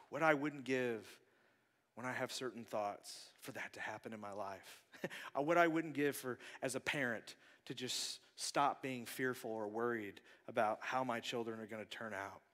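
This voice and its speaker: A man preaching a conversational sermon as pastor, moving between loud bursts and hushed near-whispers. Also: medium pitch, normal speed. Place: church sanctuary. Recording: long church hall reverb.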